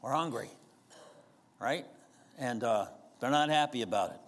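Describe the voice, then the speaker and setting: In a large hall, a man with a medium-pitched voice and lively intonation preaches at an unhurried pace. The pastor keeps his sermon conversational and casual, frequently asking the congregation questions.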